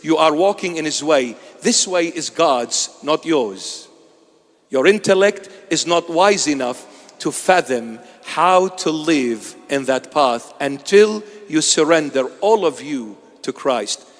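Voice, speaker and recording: Male preacher, high-pitched, emphatic and repetitive, long church echo. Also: lively intonation, slow. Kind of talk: sermon. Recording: long reverb of a large hall.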